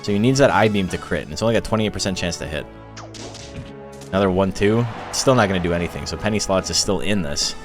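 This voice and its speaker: Laid-back low-voiced man commentating games. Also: fast, music in the background. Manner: relaxed, chatty, laughs while telling stories. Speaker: tournament streamer and commentator. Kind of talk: casual live-stream commentary.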